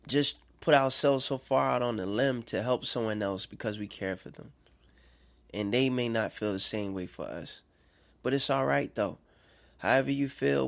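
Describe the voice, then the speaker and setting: A man giving an informal sermon to listeners, conversational and checking in with them, swinging between rising emphatic stretches and soft, quiet ones. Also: mid-range voice, creaky. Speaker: self-made preacher. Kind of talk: informal preaching monologue.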